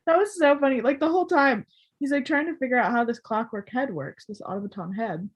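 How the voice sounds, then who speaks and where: A young woman co-hosting a casual book podcast, animated, laughing often and acting out characters' lines. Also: sits high, a little fast, slightly rough. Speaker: podcast co-host.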